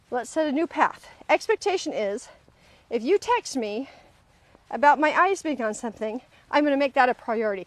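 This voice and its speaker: Animated woman hosting a live self-help talk. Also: on the high side, dry recording. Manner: animated storyteller, often acts out quoted voices. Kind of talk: casual motivational talk to a live audience. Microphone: livestream camera mic.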